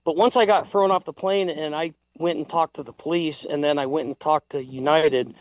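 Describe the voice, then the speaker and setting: A man's voice: a little high, fairly even intonation, normal speed, dry recording. A man telling a heated, profane story in a casual livestream chat. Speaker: guest.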